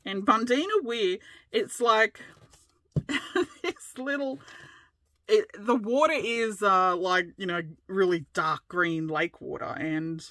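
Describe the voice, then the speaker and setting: Crafting vlog host: Australian woman, fifties, bright and breezy, rambling storyteller. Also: medium pitch, takes it slowly, no echo. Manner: rambling, chatty, often laughing.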